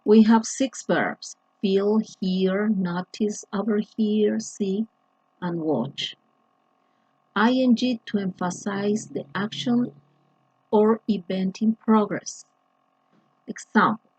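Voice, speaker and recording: Female English teacher, slow deliberate delivery, husky tone, dull dry lo-fi recording. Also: medium pitch, a little mellow, dry recording. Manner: slow, deliberate, with frequent restarts and fillers. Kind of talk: grammar lesson explanation.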